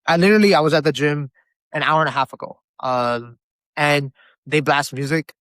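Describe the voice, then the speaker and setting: A man's voice: fairly high pitch, a little fast, dry recording. A young man from Miami, a guest telling stories in a casual chat over a video call. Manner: chatty, animated storyteller.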